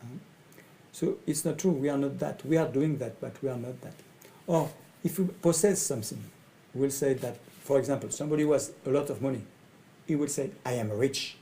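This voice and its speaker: A middle-aged man from France with a French accent, a coach speaking in halting English and often repeating his phrases. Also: medium pitch, dark tone, rough recording. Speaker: coach and facilitator. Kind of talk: speaking to camera about his training.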